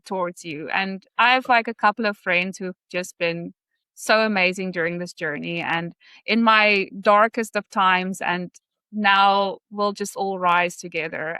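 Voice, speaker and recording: A woman on a podcast, gushing and grateful as she talks, full of fillers. Her voice is bright and crisp, and the recording is close and dry. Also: mid-range voice, dry recording. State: emotional. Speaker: podcast guest. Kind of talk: casual interview conversation.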